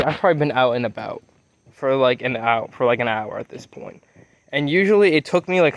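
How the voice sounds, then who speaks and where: A man's voice: medium pitch, fairly bright tone, no echo. A young man casually telling a rambling story, swearing often and losing his train of thought. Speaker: vlogger.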